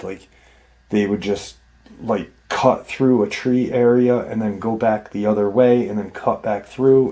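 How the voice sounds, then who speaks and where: With a lowish, mellow voice, a man running a paranormal channel rambles through an encounter story in casual, conversational style, saying "like" and "you know" a lot.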